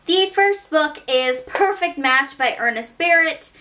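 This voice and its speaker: Canadian woman, book haul vlogger; high, bright voice; chatty, rambling, pokes fun at herself. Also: lively intonation, a little slow. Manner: chatty and rambling, with self-mocking asides. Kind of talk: casual book haul chat.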